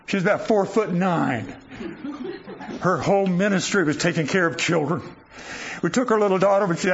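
Speaking fairly quickly in a high voice, an older guest preacher shares personal stories with a folksy chuckle. The recording is dull and lo-fi, with a faint layer of noise.

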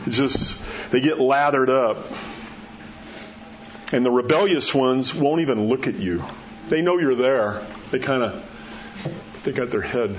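Man preacher, folksy storyteller, sinks to hushed tones for emphasis, a little muffled with faint room hum. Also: mid-range voice, a little slow, pauses often. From New Mexico. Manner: folksy storytelling, drops to a soft hush at key words. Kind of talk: sermon.

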